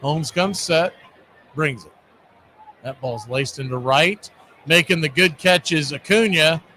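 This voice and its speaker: A man with a high, bright voice calls baseball play-by-play like an old radio broadcast. He gets excitable and shouts the big plays with playful catchphrases, over a faint hum of noise behind him. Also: a little slow. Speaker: play-by-play announcer.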